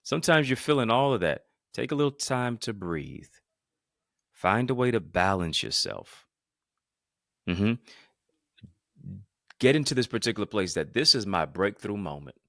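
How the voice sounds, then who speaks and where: A man giving an energetic motivational talk to a live-stream audience, emphatic and repetitive, calling on listeners to answer in the chat. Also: lowish voice, moderate pace, vocal fry, pauses often, dry recording, clean studio sound. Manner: emphatic and repetitive, punching key phrases; calls on listeners to respond in the chat. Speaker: motivational speaker and podcast host.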